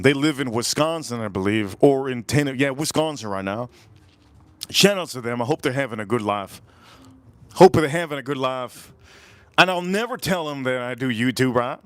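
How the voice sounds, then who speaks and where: A man's voice: mid-range voice, no echo. Rambling man hosting a live stream. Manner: rambling, repeats himself, talks to the chat. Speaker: livestream host.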